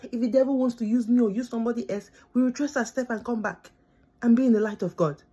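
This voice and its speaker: A woman's voice: fairly high pitch, quick pace, warm tone, breathy edge. Pleading young woman venting to camera. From born outside the country she lives in. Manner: pleading, repetitive, impassioned. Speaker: vlogger. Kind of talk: emotional direct-to-camera rant.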